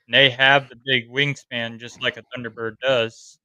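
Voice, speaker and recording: Bright, smooth-voiced easygoing man. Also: medium pitch, little pitch movement, moderate pace, no echo, lo-fi sound. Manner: easygoing, hedging with fillers like "I mean". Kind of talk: casual chat.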